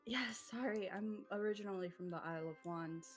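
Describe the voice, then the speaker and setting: A woman's voice: medium pitch, brisk, soft background music. A woman playing in a tabletop role-playing game, hesitant and giggly. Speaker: player.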